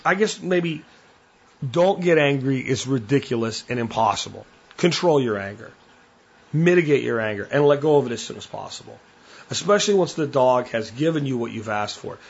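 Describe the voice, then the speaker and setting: A man's voice: medium pitch, gravelly, slightly rough, dull audio. A man hosting a solo podcast, speaking in a blunt, plainspoken way and repeating his key points for emphasis. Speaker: podcast host.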